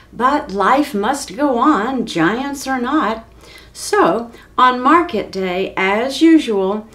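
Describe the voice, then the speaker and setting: A woman reading a children's story aloud as a library storyteller. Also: fairly high pitch. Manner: slow, expressive read-aloud.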